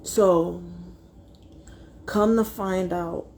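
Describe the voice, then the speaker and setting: Tearful woman with a gravelly voice. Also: fairly low pitch, steady tone, darkish tone, a little hiss or hum. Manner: tearful, halting, addresses viewers as y'all. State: close to tears. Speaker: vlogger. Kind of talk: emotional personal storytime.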